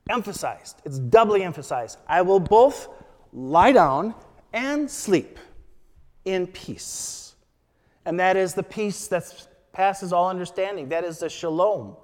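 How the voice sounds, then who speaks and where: A man preaching a sermon, slow and measured, reading scripture quotes with emphasis. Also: sits high, long reverb tail.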